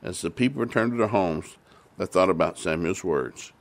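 A man's voice: low voice, normal speed, creaky. A man preaching and retelling Bible stories for families, emphatic and repeating phrases for stress.

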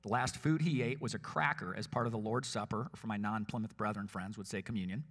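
A man, the son of the deceased, reading a memorial tribute in a measured, heartfelt, plain-spoken way. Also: on the low side, steady tone, fairly bright tone, husky, big-room sound. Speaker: son of the deceased giving a eulogy. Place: church.

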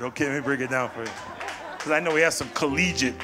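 A man's voice: on the high side, animated, fairly quick, long pauses. A man preaching as pastor, punchy and playful, calling out to the congregation. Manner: call-and-response, punchy, playful asides. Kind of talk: preaching sermon. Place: church sanctuary. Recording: music behind.

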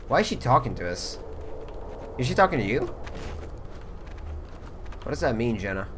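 A young man talks into a headset while gunfire and game noise play clearly behind him. His pitch swings widely as he jokes and trash-talks, often breaking into loud laughter. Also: very animated, moderate pace. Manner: joking, trash-talking, bursts into loud laughter. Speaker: gaming channel host. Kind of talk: casual gaming banter.

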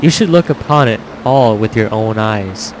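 A man voicing a calm, wise grown male villager in a video game, speaking solemnly. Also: on the low side, moderate pace, noisy background, voice pushed down, natural voice. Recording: game music behind.

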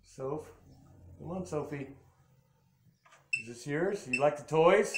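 A man questions an unseen spirit in a gentle, coaxing voice, repeating himself patiently. The sound is roomy, with clear noise behind him. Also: fairly high pitch, animated, takes it slowly. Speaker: paranormal investigator. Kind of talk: talking to a spirit during an investigation. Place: old log cabin museum indoors. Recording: roomy, noisy field recording.

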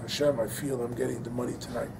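A man's voice: medium pitch, little pitch movement, quick pace, vocal fry, background noise. An older man, a rabbi giving a Torah lecture, telling a personal story and then preaching with rising emphasis, mixing in Hebrew terms. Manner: sprinkles Hebrew and Yiddish-inflected terms. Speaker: rabbi teaching a class.

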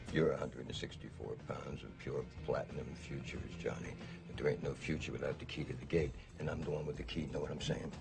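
An actor playing a crude, boastful gangster boxing promoter who drawls slowly and laughs between lines. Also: male voice, rumbling low, fairly even intonation, vocal fry, full character voice. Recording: film soundtrack with music behind.

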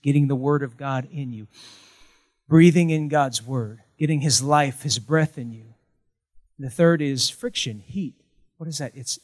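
A middle-aged man preaching a sermon as pastor, animated, with chants and call-and-response to the congregation. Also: medium pitch.

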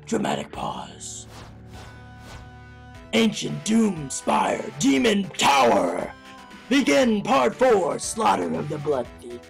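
A man's voice: a little high, huge pitch swings, gravelly, a little mellow, faint music behind, voice pushed down, heavily acted. Man voicing a pompous mock-epic game narrator, drawn out and dramatic. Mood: grandiose. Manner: slow, grandiose, theatrical.

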